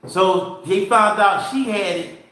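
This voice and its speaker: A man's voice: sits high, slow pace, pushed and bright. A middle-aged man co-hosting a casual live family chat, rambling through stories and acting out his own dialogue. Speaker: show co-host. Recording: very echoey room.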